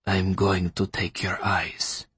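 A man voicing a calm, detached killer posing as a doctor, speaking slowly and quietly with a low, menacing hush. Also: breathy edge, dry recording, full character voice. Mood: coldly calm.

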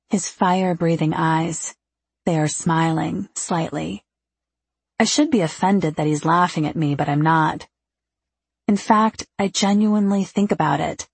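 Woman reading a romance novel first person, low-ish husky voice, dry close mic. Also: a little slow, no echo. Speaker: audiobook narrator.

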